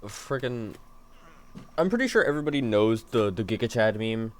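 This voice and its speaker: A man's voice: lowish voice, expressive, normal speed, slight background noise. A man streaming a game, rambling and joking to himself and his viewers in a tired, self-mocking way. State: yawning, tired. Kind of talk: casual gaming stream chatter.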